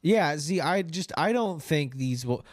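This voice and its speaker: A man's voice: on the high side, expressive, measured pace, no room sound, clean studio sound. A man co-hosting a podcast in casual banter. He is sarcastic and crude and often slips into mocking voices. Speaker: podcast co-host.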